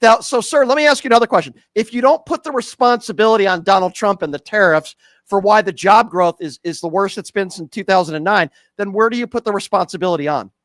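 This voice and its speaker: High-voiced mocking radio host, man. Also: fast, fairly bright tone, no room sound. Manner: mocking, insulting, talks over callers. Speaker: radio call-in show host. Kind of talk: combative call-in radio talk.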